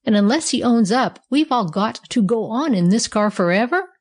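A woman reading a storybook aloud, voicing a big, forceful male hippopotamus who takes charge. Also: fairly high pitch, expressive, moderate pace, voice pushed up. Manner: forceful, roaring.

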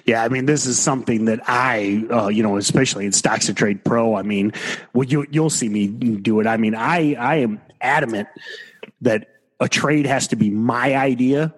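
A man hosts a trading podcast in a loose, casual chat. He rambles and restarts often, and his voice sounds husky and slightly breathy. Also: medium pitch, normal speed. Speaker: podcast host, trader.

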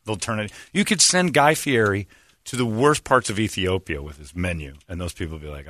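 A man's voice: on the low side, wildly swooping pitch, unhurried, long pauses, bright, forceful tone. A man hosting casual comedic banter, ranting and teasing in a crude way.

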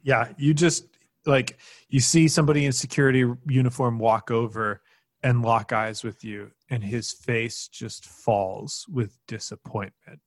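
A man's voice: medium pitch, fairly even intonation, measured pace, no echo, studio quality. A young man running a tabletop role-playing game as game master, narrating with playful relish.

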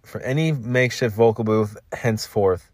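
This podcast host speaks at a normal speed in a slightly mellow voice on the low side, captured at studio quality with no echo. Tired from a long shift at work, he rambles loosely from a makeshift home vocal booth, losing his thread and saying things over again.

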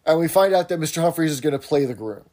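A man's voice: a little high, expressive, fast talker, a little mellow. A man co-hosting a podcast, chatting in detail as he recaps a sitcom episode. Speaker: podcast co-host.

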